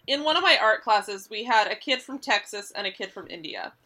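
A woman playing a tabletop game, chatting casually and telling stories in a blunt, animated way. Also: medium pitch, brisk. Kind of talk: casual chat.

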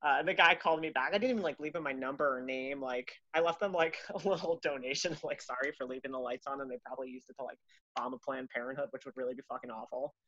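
A woman telling a casual anecdote in a profane, animated, self-mocking way. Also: very deep voice, fast talker, no echo, highs cut off. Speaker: storyteller.

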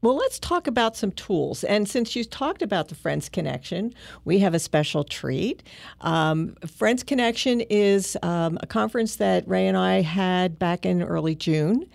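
Gravelly co-host, 60s, earnest and halting, lots of ums, dry sound. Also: mid-range voice, lively intonation, no echo. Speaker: podcast co-host. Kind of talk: casual podcast chat.

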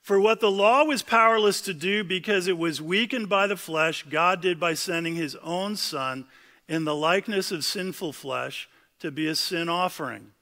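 Man, pastor, high bright voice, casual sermon delivery, long church reverb. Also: normal speed. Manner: conversational, plain-spoken preaching with asides. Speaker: senior pastor.

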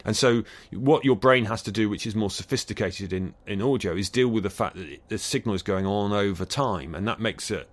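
Thoughtful Bristol-accented man, fairly low voice. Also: a little fast, hardly any pauses. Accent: Bristol English. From England. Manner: thoughtful, hesitant with many restarts. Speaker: acoustics scientist guest. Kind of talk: interview answers. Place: recording studio.

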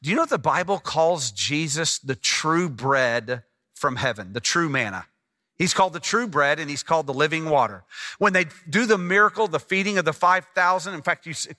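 A man preaching a sermon as pastor, animated and asking the congregation questions as he teaches. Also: on the high side.

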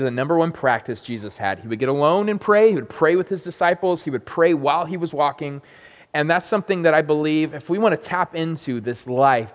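A young adult man preaching a sermon, telling self-deprecating stories with quick asides. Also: fairly high pitch. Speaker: pastor. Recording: long hall reverb.

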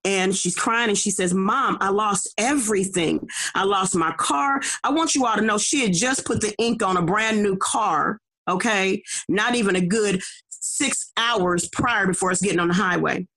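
A woman's voice: mid-range voice, moderate pace, fairly bright tone. A middle-aged woman, an evangelist, telling her personal testimony with emphasis. She often repeats and restarts her words and keeps checking in with her listeners. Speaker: evangelist guest.

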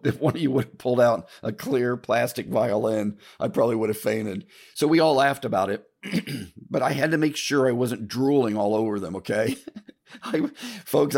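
A man's voice: mid-range voice, normal speed, creaky, a little mellow. An older man telling a long personal story in a casual, rambling way, with restarts, mild swearing and repeated asides to "folks". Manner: keeps addressing listeners as folks. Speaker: podcast host telling a story.

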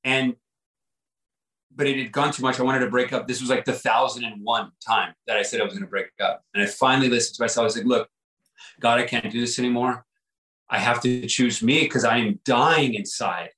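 A man's voice: mid-range voice, fairly quick, pushed and bright, echoey room, poor audio. A man guest on a podcast, telling a personal story in an earnest, reflective way, often repeating himself and saying "like" and "right?".

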